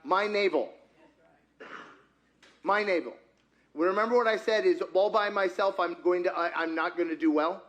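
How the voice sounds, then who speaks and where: In a church sanctuary, a male pastor delivers a conversational, animated sermon, frequently posing questions to the congregation. His voice is high, his pace moderate, and he leaves long pauses.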